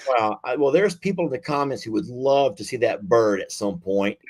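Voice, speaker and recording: A man hosting a livestream, chatting warmly with callers in a folksy, effusive way. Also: medium pitch, expressive, moderate pace. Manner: folksy, effusive, lots of y'all and sweetie. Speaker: livestream host. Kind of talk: casual chat with callers.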